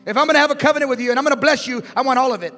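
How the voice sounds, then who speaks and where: A male pastor with a very high, bright, piercing voice, shouting and calling back and forth with his congregation. The sermon is taken in a big hall with a long echo, and soft music plays under him. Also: racing. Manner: shouting call-and-response, drives the crowd. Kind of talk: preaching a sermon. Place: large church hall with music. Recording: echoey church hall with music behind.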